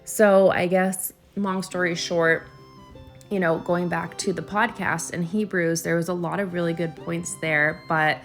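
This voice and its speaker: A woman's voice: fairly low pitch, fairly even intonation, a little slow, soft background music. A woman recording a casual voiceover at home, talking earnestly and rambling with frequent restarts. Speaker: vlogger.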